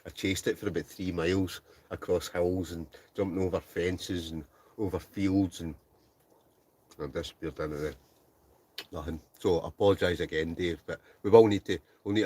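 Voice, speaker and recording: A man's voice: low-pitched, fairly even intonation, normal speed, darkish tone. A Scottish man hosting a casual livestream from his tent, chatting, laughing and reading out viewer comments. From Scotland. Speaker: livestream host. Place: inside a tent.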